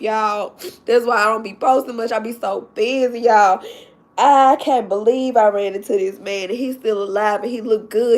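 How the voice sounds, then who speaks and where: A woman vlogger telling a story to her viewers, tearful and laughing through tears. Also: fairly high pitch. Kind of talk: emotional story time to viewers.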